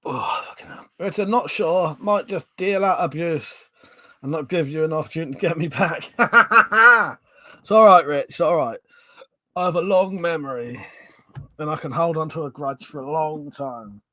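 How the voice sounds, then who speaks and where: Reading out comments from his viewers, a home livestream host jokes, swears, laughs often and drinks on camera. His fairly high voice sounds pushed and bright at a normal pace, and the recording is dry.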